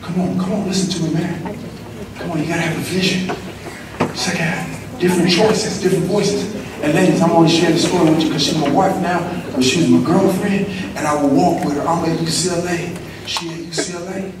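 A middle-aged man from California giving an energetic, slangy motivational speech at a school assembly, calling back and forth with the audience. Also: a little high, brisk. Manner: energetic, slangy, call-and-response with the crowd. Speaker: motivational speaker. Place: large echoey school auditorium. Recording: very echoey hall, distant mic, noisy.

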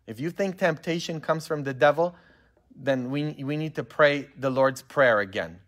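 A man, a pastor leading a Bible study in a church, preaching with animated rhetorical questions and a constant "huh?". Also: on the high side, normal speed. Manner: animated, asks the group questions and keeps tagging "huh?".

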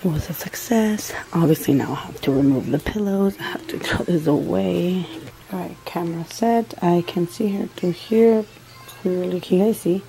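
With a lowish voice, vocal fry, and normal speed, a young mom vlogging indoors walks her camera through housework and the kids' routine, dropping Spanish words to her children. It's a home video with constant background noise.

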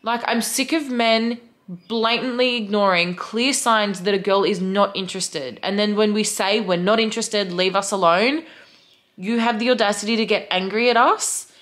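A young woman with an Australian accent, vlogging casually, animated and swearing freely with lots of "like" fillers. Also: mid-range voice, normal speed. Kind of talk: casual vlog storytelling.

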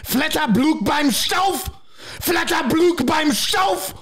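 A man's voice: very high voice, expressive, takes it slowly, fairly bright tone, pitched above the performer's own voice, heavily acted. A man putting on a stern German announcer, barking phrases in a mock German accent. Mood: shouting.

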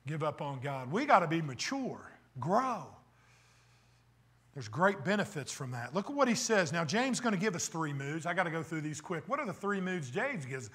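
A man's voice: on the high side, bright, forceful tone, husky. A man preaching a sermon as pastor, emphatic and full of rhetorical questions, with wry, teasing asides.

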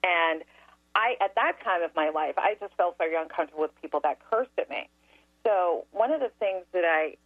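A woman's voice: fairly low pitch, no echo. Woman guest telling a story on a call-in show, voice jumps all over, thin phone sound, no room at all. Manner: lively storyteller, laughs often. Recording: dry tinny phone line.

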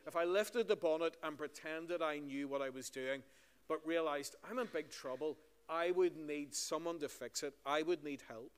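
A man's voice: a little high, normal speed, clear, resonant tone. A Northern Irish man, a pastor, giving a friendly story-style children's talk in a church service. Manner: friendly storytelling to children, asking them questions. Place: large church. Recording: long church hall reverb.

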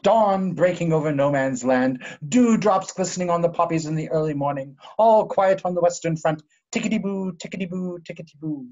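A man playing a vain, pompous older English gentleman in a play reading over a video call, with a drawling, theatrical delivery. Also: fairly high pitch, moderate pace, hardly any pauses, natural voice. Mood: reminiscing. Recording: dull lo-fi video call audio.

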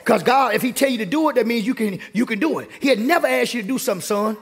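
A young man preaching a sermon in a church, calling out to the congregation and rising to shouts. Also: very high voice, quick pace, creaky. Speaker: pastor. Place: church sanctuary.

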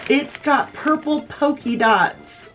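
A woman's voice: high-pitched, slow, fairly bright tone, soft background music. A woman hosting her own vlog, gushing in a bubbly, chatty way as she talks straight to her viewers and shows off a favorite item at home. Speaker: vlog host. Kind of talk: casual product show-and-tell vlog.

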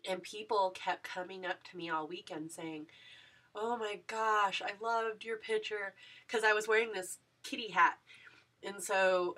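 A woman's voice: on the low side, bright, forceful tone, far from the mic. A young woman vlogger gushing through a personal story, full of fillers and giggles.

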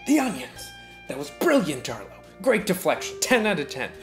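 A man's voice: on the high side, big pitch swings, brisk, vocal fry, a bit bright, soft background music. A man giving sarcastic, profane, mock-outraged voice-over commentary on a movie as its reviewer.

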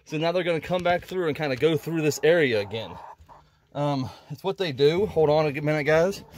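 Chatty man, slightly winded, among clucking chickens. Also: slight background noise. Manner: chatty, laughs often, talks to his chickens in a high voice. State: a little out of breath. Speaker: homesteading vlogger. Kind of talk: casual walk-and-talk vlog. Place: inside a chicken coop in a greenhouse.

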